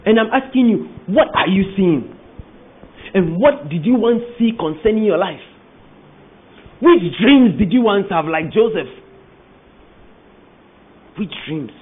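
High-voiced preacher, tinny sound. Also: male voice, animated, a little slow, pauses often, slightly rough. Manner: emphatic preaching with repeated questions to the congregation. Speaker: pastor. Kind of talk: sermon. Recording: tinny phone-like audio.

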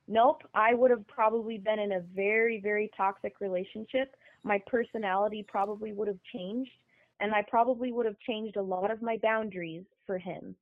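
A woman's voice: mid-range voice, steady tone, brisk, dry recording. Woman guest calling in: blunt, emphatic opinions, tinny phone-line sound, dry. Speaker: podcast guest. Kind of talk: casual conversation. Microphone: phone call.

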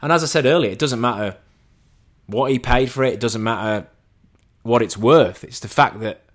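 Chatty man telling an animated story. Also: medium pitch, normal speed. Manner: animated, acts out quoted dialogue in a raised voice; chatty, self-deprecating, many restarts. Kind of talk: casual storytelling monologue.

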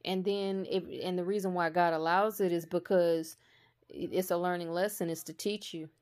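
A woman in a casual spiritual monologue, blunt and profane, speaking slowly and with emphasis, building to a heated intensity. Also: fairly low pitch, steady tone, darkish tone. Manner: slow emphatic delivery that builds to raised intensity.

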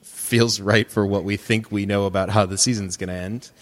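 Lower-voiced man podcast co-host. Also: steady tone, normal speed. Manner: thoughtful, self-correcting, laughs often. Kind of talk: casual podcast discussion.

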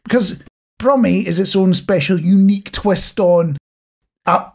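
A man's voice: sits high, a little slow. A Scottish man co-hosting a podcast, chatting casually and teasing his co-host with quiz questions. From Scotland. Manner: joking, teasing quizmaster. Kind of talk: casual chat. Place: home recording in Nottinghamshire.

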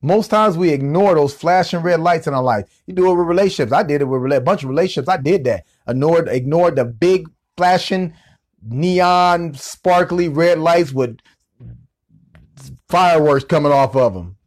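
Animated middle-aged man, slangy motivational storyteller. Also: on the high side, normal speed. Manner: animated, slangy, with vocal sound effects. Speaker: motivational coach.

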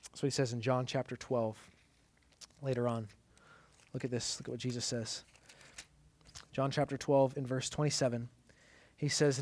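A man preaching a sermon, swinging from loud, emphatic lines to hushed, quiet passages. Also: mid-range voice, little pitch movement, moderate pace, pauses often, dry recording. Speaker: pastor.

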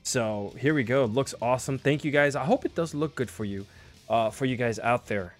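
A man's voice: mid-range voice, normal speed, faint music behind. A young man hosting a casual livestream, chatty and self-deprecating, with lots of fillers. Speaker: livestream host.

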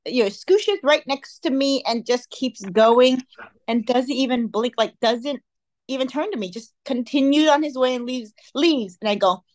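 A woman's voice: high voice, normal speed. A young adult woman co-hosting a podcast, telling stories in casual chat, acting out quotes and laughing often. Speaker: podcast co-host.

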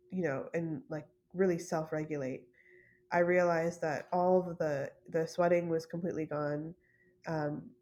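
A woman hosting a podcast, telling a personal story in a soft, hesitant way with many fillers and restarts. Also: low-pitched. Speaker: podcast host.

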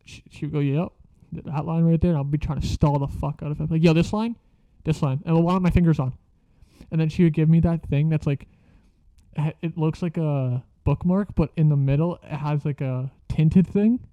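Brisk and fairly high-pitched, a young man laughs his way through a crude, slangy school story. The audio has no echo and a dull lo-fi feel.

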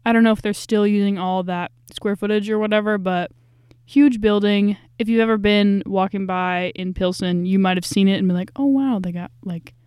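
Young woman, podcast host, chatty and slangy, tired, smooth mid voice, dry closet recording. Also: mid-range voice, little pitch movement, moderate pace, darkish tone, dry recording. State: tired and stressed. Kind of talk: casual food review podcast. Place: small closet. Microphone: podcast microphone.

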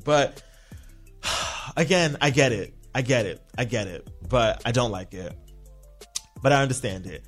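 Male podcast host, animated and sassy, pitch jumping all over, faint music underneath. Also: moderate pace. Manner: animated, sassy, slips into mocking voices. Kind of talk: casual TV recap monologue.

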